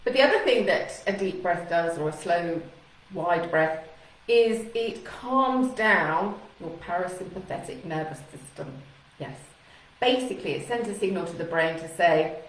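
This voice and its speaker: A woman's voice: lowish voice, expressive, moderate pace, recorded from a distance. A woman speaking as a communication coach in a live talk to camera, chatty and encouraging, sometimes acting out anxious thoughts. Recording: echoey room with faint noise.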